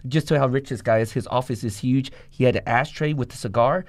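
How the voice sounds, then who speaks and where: Fast-talking, profane middle-aged man. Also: medium pitch, no echo. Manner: rapid, profane, animated storytelling. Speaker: guest. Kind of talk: storytelling interview.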